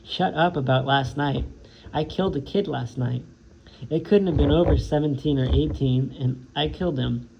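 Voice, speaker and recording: A frightened but gentle teenage boy from a gang speaks in a plain, gravelly voice, as a man reads him aloud. The lines stay close to an everyday speaking voice, with a few small stumbles. The audio is dull and lo-fi, with a faint hiss underneath. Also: on the high side, normal speed. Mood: anguished. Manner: plain read-aloud delivery with small slips. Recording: dull lo-fi sound with faint background noise.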